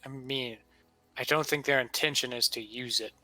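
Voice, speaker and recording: A man running a tabletop game, narrating scenes and calling for checks in a relaxed, steady way. His voice is bright and forward, at a middle pitch. Faint music plays behind him. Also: moderate pace, low-quality recording. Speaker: game master.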